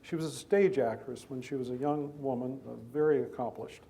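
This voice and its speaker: Mellow-voiced man giving a thoughtful literary talk. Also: mid-range voice. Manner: thoughtful, analytical, halting, with many restarts. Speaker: biographer and guest speaker. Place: stage event before an audience.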